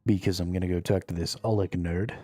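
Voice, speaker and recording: A low-voiced man chatting casually while he plays on a live stream, joking and wry. His tone is mellow, the sound is dry and close, and soft music plays underneath. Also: fairly even intonation, fast talker, dry recording. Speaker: game streamer.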